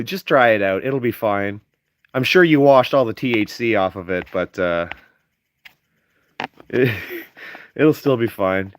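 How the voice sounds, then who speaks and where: A man's voice: on the low side, lively intonation, takes it slowly, pauses often. A sleepy young man hosting a casual stream, reading chat in a playful, teasing way.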